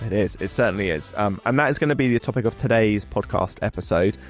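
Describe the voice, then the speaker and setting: A man's voice: lowish voice, fast, soft background music. A man co-hosting a podcast in a playful, easygoing way and introducing guests. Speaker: podcast co-host.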